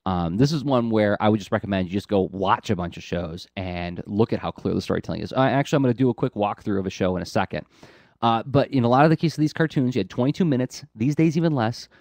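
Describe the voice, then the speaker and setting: A man co-hosts an art podcast in an eager, rambling way. His voice is on the low side and full of fillers and restarts. He speaks into a close mic in a dry-sounding room. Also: lively intonation, fast, a little mellow, no room sound. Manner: enthusiastic, rambling, frequent fillers. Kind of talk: casual explaining chat.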